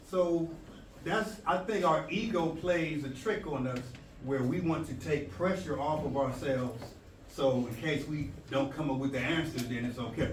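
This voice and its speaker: A man's voice: fairly high pitch, moderate pace. A man, a language arts teacher, giving an emphatic motivational talk to students, acting out quoted exchanges and playing with rhymes. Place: school presentation room. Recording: echoey room from far off, with noise.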